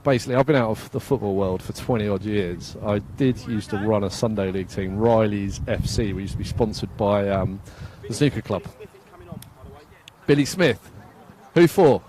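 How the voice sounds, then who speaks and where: A man's voice: fairly low pitch, normal speed, a little mellow, a little hiss or hum. A man from England giving casual, self-mocking live commentary at an outdoor football match, laughing often and reading out viewer comments.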